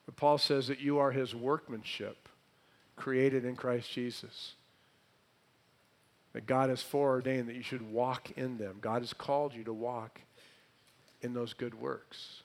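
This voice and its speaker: Preacher with big volume swings. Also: male voice, medium pitch, fairly even intonation, unhurried, pauses often. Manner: call-and-response questions to congregation, dynamic swings between loud and soft. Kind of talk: sermon.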